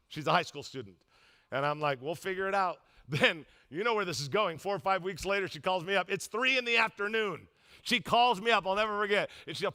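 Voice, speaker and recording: A man pastor preaching a sermon in a church, telling a story with lively call-and-response to the congregation. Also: high voice, fairly quick. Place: church auditorium.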